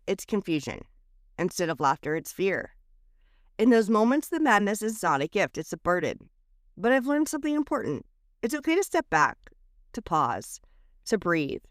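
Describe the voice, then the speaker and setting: Woman reading a lively, expressive letter. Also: medium pitch, no room sound, clean studio sound. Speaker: podcast host. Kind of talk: scripted reflective letter reading.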